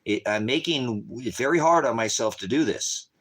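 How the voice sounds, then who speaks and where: A man preaching and chatting on a livestream, rambling and emphatic, dropping to low mutters and rising into outbursts. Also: expressive, normal speed, a bit bright. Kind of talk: casual livestream talk to chat.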